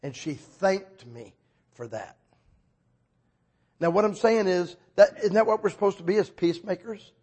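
Husky-voiced man preaching a sermon. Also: high-pitched, big pitch swings, moderate pace, long pauses. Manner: conversational, acts out dialogue with sudden loud outbursts.

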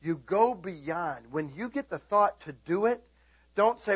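A middle-aged man preaches in a lively, storytelling way, speaking straight to his congregation. His voice sits high and swoops widely. It has a husky edge and keeps rising into shouts. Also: measured pace. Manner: animated, shouting and laughing, talks to the audience.

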